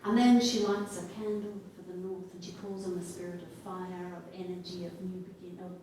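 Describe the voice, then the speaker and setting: An Australian woman storyteller tells a folk tale in a lilting, expressive manner. She is recorded from a distance in a very echoey space, with a faint hiss under her voice. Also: fairly low pitch, brisk. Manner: lilting, expressive, dropping to a hush in ritual passages. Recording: echoey room, distant mic, faint noise.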